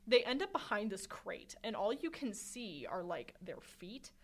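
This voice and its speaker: A woman's voice: mid-range voice, sing-song, measured pace. A woman co-hosting a podcast, chatting casually about a film and laughing often as she retells its scenes. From Swedish. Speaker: podcast co-host.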